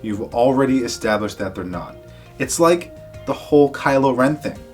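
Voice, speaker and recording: Casting: mid-pitched male co-host, blunt wry reviewer, light music underneath. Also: lively intonation, normal speed. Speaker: podcast co-host. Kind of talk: casual episode review.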